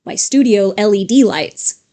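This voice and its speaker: A woman's voice: mid-range voice, unhurried, mellow. A woman co-hosting a casual live stream from a home studio, rambling and chatty with frequent fillers and laughs. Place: home studio with LED lights.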